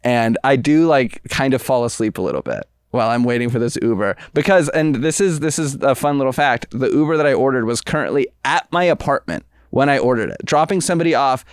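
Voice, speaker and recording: A young man, a podcast co-host, telling a story in a lively, casual way, acting out quoted voices and laughing often. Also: medium pitch, brisk, hardly any pauses, smooth, dry recording, studio quality.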